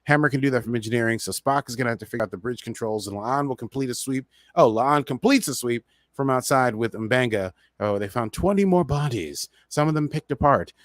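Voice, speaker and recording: A man's voice: mid-range voice, brisk, hardly any pauses, dry recording. Chatty man rambling through a recap. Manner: rambling, chatty, full of "uh" and "so he's like". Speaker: podcast host. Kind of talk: casual episode recap.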